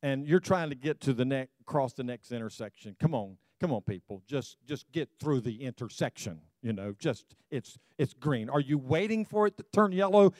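A man's voice: medium pitch, lively intonation, normal speed, few pauses, darkish tone, no room sound, studio quality. A middle-aged man preaching a sermon to his congregation, telling stories with self-deprecating humor and speaking to them directly. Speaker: pastor.

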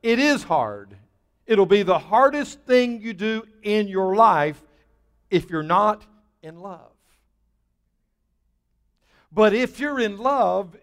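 A male pastor preaching a sermon, building to emphatic bursts and then dropping low and quiet. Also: clean tone, big-room sound. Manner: emphatic, with rising bursts and dropping to a near hush.

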